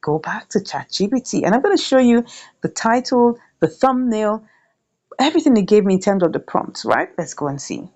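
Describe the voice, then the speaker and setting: A woman's voice: mid-range voice, sing-song, normal speed, darkish tone, highs cut off. A woman hosting a chatty screen-share tutorial, often checking in with "right?". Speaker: YouTube tutorial host.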